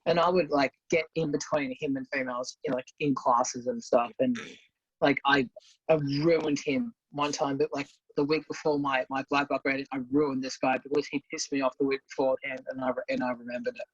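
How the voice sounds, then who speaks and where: A woman's voice: extremely low pitch, fairly even intonation, a little fast, breathy edge, no echo. A woman, co-hosting a casual chat, blunt and swearing freely as she acts out stories. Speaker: podcast co-host. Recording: dull lo-fi sound.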